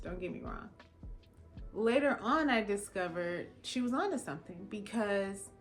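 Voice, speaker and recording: A woman who works as an attorney telling a personal story in a casual, animated way, with emphatic rhetorical questions. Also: medium pitch. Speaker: attorney and vlogger.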